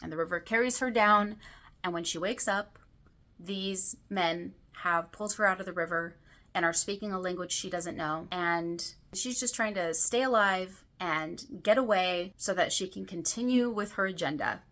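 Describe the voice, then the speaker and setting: A woman's voice: fairly low pitch, normal speed, a bit bright. A woman book vlogger casually retelling a novel's plot in a chatty way, with lots of "like" fillers. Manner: chatty storytelling with frequent "like" fillers.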